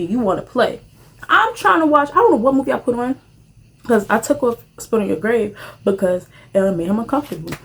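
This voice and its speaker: A young woman, casually telling a rambling storytime while eating, animated and full of slang, jumping to high squeals when excited. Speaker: vlogger.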